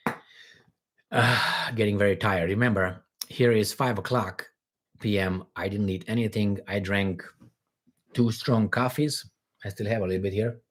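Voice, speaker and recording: A man from Romania, hosting a casual livestream Q&A in a rambling, animated way from home. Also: lowish voice. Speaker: livestream host.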